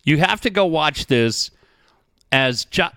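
A man's voice: a little high, animated, takes it slowly, sharp tone, no echo, clean studio sound. A middle-aged man co-hosting a show, telling profane stories with frequent laughter in casual chat. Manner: profane, storytelling, laughs often. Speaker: podcast co-host.

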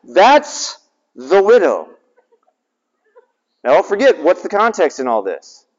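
A man's voice: high-pitched, slow pace. A man preaching a sermon, telling family stories with voices and asking his listeners rhetorical questions. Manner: animated storytelling, acting out family dialogue and rhetorical questions. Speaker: pastor. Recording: dull sound in a reverberant hall.

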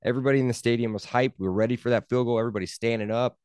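A man co-hosting a sports podcast, pressing his point again and again in loose, casual chat. His voice sits mid-pitch and the sound is dry and close, with no room around it. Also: steady tone, rapid-fire, darkish tone, clean tone, no echo. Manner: emphatic, repeats himself, argues points. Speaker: podcast co-host.

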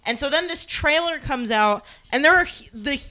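A woman in her thirties co-hosting a casual comedic chat in front of a live audience, excitable and laughing, swearing freely. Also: sits high, moderate pace. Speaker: podcast co-host.

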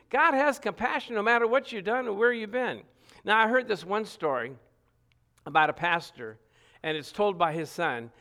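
A middle-aged man preaching a sermon, earnest, stressing scripture with repeated phrases and some halting restarts. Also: sits high, sharp tone. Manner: earnest, reads scripture aloud with emphatic repetition.

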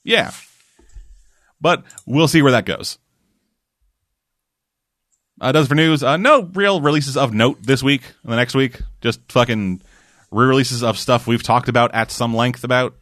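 A man's voice: mid-range voice, measured pace, pauses often, no room sound. A man hosting a video games podcast in casual, swearing chat, close to the mic. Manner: animated and swearing, with loose filler words. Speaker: podcast host.

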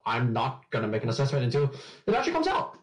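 A man guests on a casual podcast, racing through his answers in a lively, swooping voice. He rambles from thought to thought and laughs at himself. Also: medium pitch, rough recording. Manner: fast-talking, rambling, self-deprecating. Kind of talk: casual interview chat.

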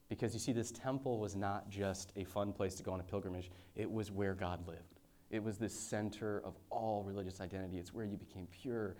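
Mellow low-voiced male pastor preaching. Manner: reads scripture aloud, then explains it conversationally; lively, with quick asides and fillers. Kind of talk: sermon.

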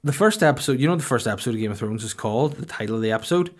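A man in his thirties with a Northern Irish accent, hosting a podcast with crude, deadpan comic storytelling. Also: mid-range voice, racing. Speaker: podcast host. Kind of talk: casual comedic podcast chat.

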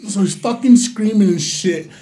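A young man telling a long story in casual, profane chat, rambling and loudly acting out the quotes. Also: high voice, moderate pace.

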